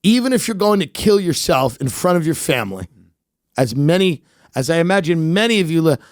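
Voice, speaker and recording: A man hosting a podcast, delivering a deadpan comedic rant with dark humor. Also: on the high side, a little fast, dry recording, studio quality. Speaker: podcast host.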